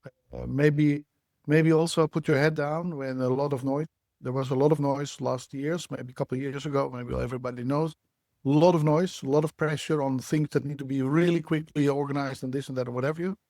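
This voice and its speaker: A man, a guest on a podcast, speaking in a measured, reflective way with frequent restarts. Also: mid-range voice, fairly even intonation, gravelly, darkish tone, no echo, clean studio sound. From Netherlands. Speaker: guest, startup CEO. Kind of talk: podcast interview.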